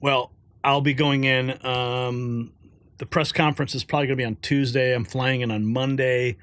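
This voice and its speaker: A man's voice: medium pitch, flat delivery, moderate pace, fairly bright tone, clear, resonant tone, dry recording. A man hosting a political news show, talking casually and joking between segments. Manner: joking, chatty asides.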